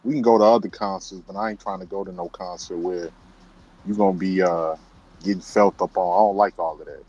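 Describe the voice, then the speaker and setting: Low laid-back guy calling into a stream, dull dry audio. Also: fairly even intonation, a little fast, darkish tone. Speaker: caller. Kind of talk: casual chat.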